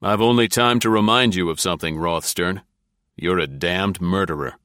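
A man reading the lines of a calm young American agent in a cool, curt manner. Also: low voice, normal speed, no room sound, studio quality.

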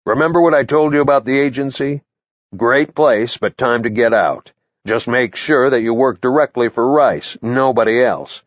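A man voicing a gruff, blunt male spy-chief mentor who barks curt advice in short bursts. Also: mid-range voice, moderate pace, no room sound, dull audio, natural voice. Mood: brusque.

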